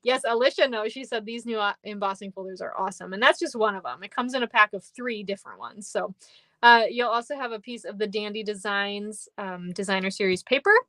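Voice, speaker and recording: A woman demonstrates papercraft on a live stream, upbeat and talkative, thanking viewers by name as she makes cards. Her mid-range voice is fairly quick, pushed, and bright, captured dry.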